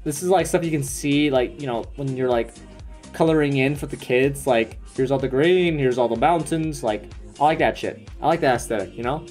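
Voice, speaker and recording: A young man live-streaming a card pack opening, chatting excitedly with viewers and swearing casually. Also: medium pitch, faint music behind. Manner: excitable, swearing, quick asides to chat. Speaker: streamer opening trading cards.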